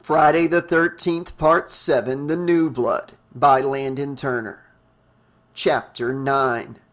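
A man who hosts his own channel, reading a horror novel aloud in a steady, deliberate storytelling manner. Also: mid-range voice. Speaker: audiobook narrator and channel host. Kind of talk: audiobook narration.

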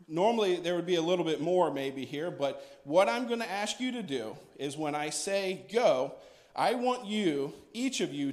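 A man, a pastor, giving a playful and coaxing children's message during a church service. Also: sits high. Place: church sanctuary. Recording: echoey church room.

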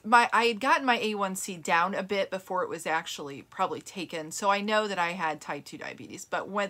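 A woman's voice: medium pitch, bright, forceful tone. A middle-aged woman hosting her own plant-based health show, talking casually and earnestly to her viewers and listeners, rambling with fillers and restarts. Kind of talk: casual talk to camera and podcast listeners.

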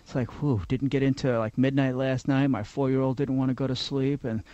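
A man's voice: mid-range voice, fairly quick, dry recording, dull audio. A man hosting a talk radio show in a studio, chatting casually and telling rambling, joking stories. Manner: rambling, joking, animated storyteller.

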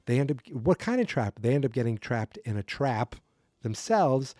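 A man's voice: mid-range voice, very animated, normal speed, warm tone, no echo, studio quality. A man hosting a podcast, recapping a cartoon episode alone in a rambling, casual way with wry asides and frequent self-corrections. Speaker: podcast host.

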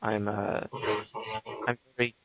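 A man's voice: on the low side, level tone, slow, a crowd in the background. A young man hosting a podcast, chatting casually in a teasing, mock-offended, rambling way. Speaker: podcast host. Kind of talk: casual banter. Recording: dull lo-fi dry audio.

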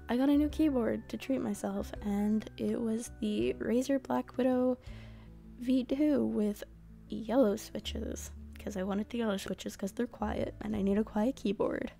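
A woman's voice: a little high, fairly even intonation, unhurried, vocal fry, warm tone, soft background music. A young woman hosting a gaming channel, chatting casually and making goofy asides while she plays. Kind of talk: casual gameplay commentary.

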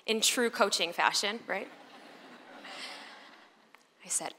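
A woman speaker from Chicago telling a personal story in an animated way to a live audience, acting out the voices of people in it. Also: fairly low pitch, measured pace, long pauses. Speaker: motivational speaker. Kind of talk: storytelling keynote talk. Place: large event hall on stage. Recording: long reverb of a large hall.

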